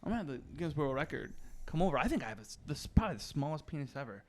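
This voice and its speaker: A man's voice: on the high side, sing-song, very fast. A young man co-hosting a podcast, telling an old bar joke in a laid-back, casual way and chuckling often. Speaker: podcast co-host.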